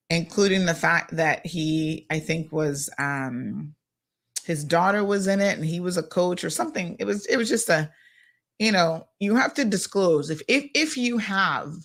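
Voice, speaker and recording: Woman host, animated and chatty, breaking local news with asides. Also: fairly low pitch. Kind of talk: casual news chat.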